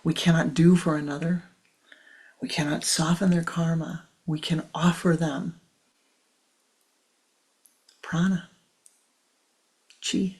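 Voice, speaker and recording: An older spiritual teacher speaks in a gravelly, mid-pitched voice. The talk is soft and measured, leading into a meditation, and often sinks into a near whisper. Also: flat delivery, rough recording.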